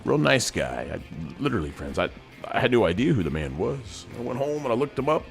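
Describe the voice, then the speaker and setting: A man's voice: mid-range voice, sing-song, fairly quick, creaky, faint music behind. A middle-aged man, hosting a rambling, folksy monologue from his home studio as a sergeant major persona. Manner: folksy, keeps calling the audience "friends".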